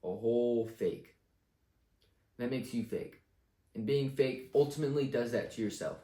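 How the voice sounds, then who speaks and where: A man's voice: mid-range voice, moderate pace, dark tone. A young man giving blunt life advice in a casual rant, confident and full of swearing. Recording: echoey room.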